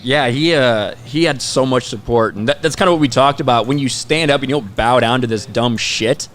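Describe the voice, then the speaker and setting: A man's voice: medium pitch, fairly quick, fairly bright tone. A man on a live stream panel, laughing often and chiming in casually. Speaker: panel guest.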